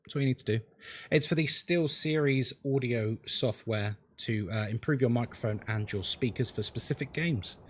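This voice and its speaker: A man's voice: mid-range voice, moderate pace. A man, chatting casually with viewers as a horror game streamer. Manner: chatty, animated, jokey, talks to chat as folks. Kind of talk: casual live-stream chat.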